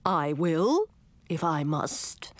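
A woman doing a stern old male ghost king, slow measured speech, lowish tone. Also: big pitch swings, no echo, full character voice.

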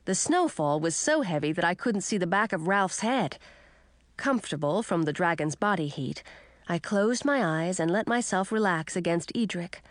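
A woman narrating a children's storybook aloud in an expressive, animated manner. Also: on the low side, moderate pace, dry recording, clean studio sound. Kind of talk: storybook reading.

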